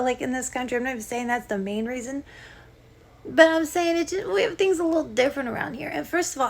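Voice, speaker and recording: A young woman with a high voice and a gravelly, fry-laden edge rants as a podcast host. Her delivery is sarcastic and combative, and she jabs her points straight at the listener. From United States. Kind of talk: ranting comedic monologue.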